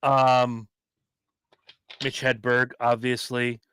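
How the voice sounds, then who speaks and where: A man co-hosting a casual podcast, talking in an animated way and quick to act out movie quotes. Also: medium pitch, smooth. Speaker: podcast co-host. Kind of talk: casual chat.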